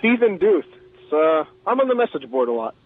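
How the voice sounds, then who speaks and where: A man calling a radio show while driving, mumbling and halting. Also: fairly high pitch, sing-song. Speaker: caller. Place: a car. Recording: tinny phone line with loud noise.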